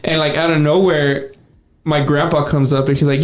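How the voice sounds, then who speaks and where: A man from Arizona co-hosting a podcast, telling a story in loud, profane, laughing banter and admitting he has been drinking. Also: a little high, steady tone, normal speed. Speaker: podcast co-host. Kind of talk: casual chat, storytelling.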